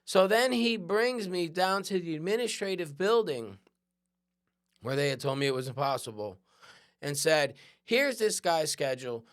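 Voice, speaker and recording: Animated man telling a personal story. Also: a little high, moderate pace, smooth. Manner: animated, conversational, peppers with "right?". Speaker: podcast host. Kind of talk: storytelling monologue.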